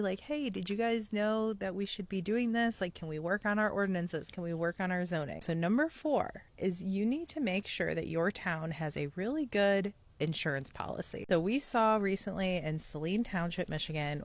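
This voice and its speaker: Lowish woman with a sick voice. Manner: practical, lists numbered tips. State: sick voice that lingers. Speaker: advocate advising on local government. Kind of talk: direct-to-camera advice video.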